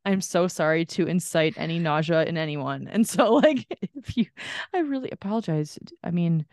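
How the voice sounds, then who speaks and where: A woman's voice: lowish voice, animated, normal speed, darkish tone, dry recording. Chatty woman co-host, dry close sound. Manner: chatty, rambling with many fillers and side notes. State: strained vocal cords. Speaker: podcast co-host. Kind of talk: casual chat.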